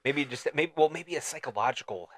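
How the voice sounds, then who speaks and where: A man's voice: on the high side, expressive, a little fast, no echo. Man in dry, close movie-podcast chat. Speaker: podcast co-host. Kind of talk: casual movie-discussion chat.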